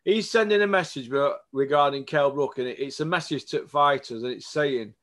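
In a casual opinion rant about boxing, this man speaks at a moderate pace with hardly any pauses, his pitch in the medium range. He's a vlogger addressing the camera bluntly and with animation, and he keeps looking for agreement.

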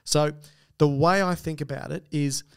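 This co-host's voice sits on the high side, creaky yet clear and resonant, at a moderate pace. With an Australian accent, he chats easily on the podcast, reading listener mail and adding humorous asides.

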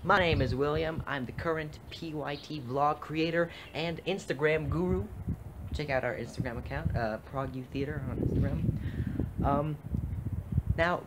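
A man's voice: a little high, background noise. A man hosting a casual vlog, upbeat and chatty, talking straight to his viewers. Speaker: vlog host.

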